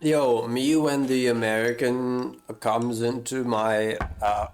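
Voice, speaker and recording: Unhurried guy streamer, rambling live chat. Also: medium pitch, fairly even intonation, faint music behind. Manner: rambling, self-mocking jokes, drawn-out fillers. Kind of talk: casual live-stream chat while gaming.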